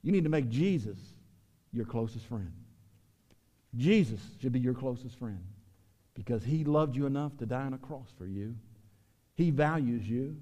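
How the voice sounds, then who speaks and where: A pastor preaching a sermon, swinging between loud emphatic lines and low quiet asides. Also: male voice, expressive, moderate pace, long pauses, in a large hall, lo-fi sound. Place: church sanctuary.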